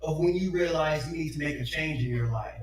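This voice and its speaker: A man's voice: fairly high pitch, fairly quick, close to an everyday voice. A man voicing a fussy female drug counselor during a stand-up bit. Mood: prim. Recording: echoey room, heard from far off, audience noise.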